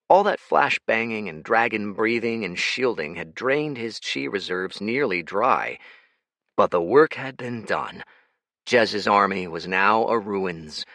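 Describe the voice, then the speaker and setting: Male audiobook narrator, low voice, bright tone, dry close sound, dramatic reading. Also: no echo.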